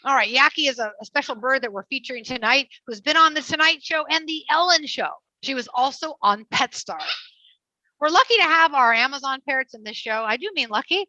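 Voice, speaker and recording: High bright lady running a parrot show, upbeat and encouraging, dry dull-ish audio. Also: dry recording. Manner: upbeat, coaxing, cheers the birds on. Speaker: parrot trainer and show presenter. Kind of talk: live family animal show presenting.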